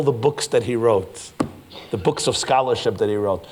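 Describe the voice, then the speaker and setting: Rabbi guy preaching a story at a big event, voices all the characters, gets loud at the peaks. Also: mid-range voice, moderate pace, slightly rough. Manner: animated storyteller acting out dialogue, rising to loud peaks. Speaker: rabbi giving a keynote address. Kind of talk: storytelling sermon. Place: large hotel event hall.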